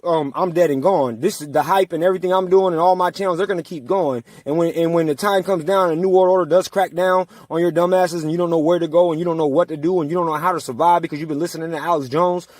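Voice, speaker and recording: A man's voice: on the high side, no echo, clean studio sound. Taunting man ranting at his critics. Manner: confrontational, taunting, profane. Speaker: channel host. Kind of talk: angry ranting monologue.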